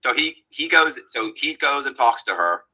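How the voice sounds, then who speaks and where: Man, husky voice, very bright tone, casual storytelling, acts out dialogue. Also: mid-range voice, moderate pace, poor audio. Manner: animated, acts out quoted dialogue.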